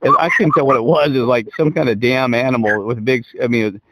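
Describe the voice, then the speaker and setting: A man's voice: mid-range voice, fast, fairly bright tone, dry recording, low-quality recording. A middle-aged man telling a story in casual chat as a podcast co-host, rambling and swearing and laughing as he goes.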